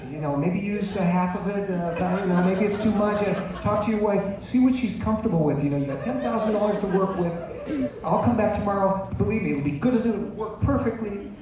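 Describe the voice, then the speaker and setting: A man voicing a calm joke doctor, echoey and distant. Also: high-pitched, pitched above the performer's own voice, close to an everyday voice. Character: reassuring male doctor in a joke. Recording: echoey hall, distant mic, noisy.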